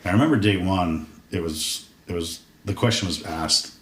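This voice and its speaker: A military veteran in his forties, guesting on a podcast, tells his story candidly, casually, and profanely, acting out his past thoughts in quoted asides. His voice sits low and moves at normal speed. The podcast studio room sounds roomy, caught by a distant mic with faint noise.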